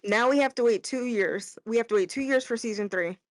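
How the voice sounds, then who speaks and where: A woman's voice: fairly high pitch, a little fast, dry recording, low-quality recording. A woman co-hosting a reaction channel, talking bluntly and heatedly in casual review chat, with swearing.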